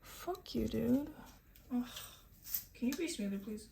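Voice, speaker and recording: A woman's voice: on the high side, expressive, slow, vocal fry, heavy background noise. A young woman vlogging herself cooking at home, chaotic and swearing as she talks to her phone camera. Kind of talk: casual cooking vlog. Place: home kitchen.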